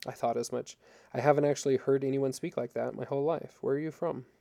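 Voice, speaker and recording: A formal, well-mannered gentleman speaks with polite courtesy, voiced by a male storyteller. The voice stays dark and mellow, with some gravel at the bottom. His delivery is measured and proper. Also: medium pitch, steady tone, close to an everyday voice. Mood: courteous.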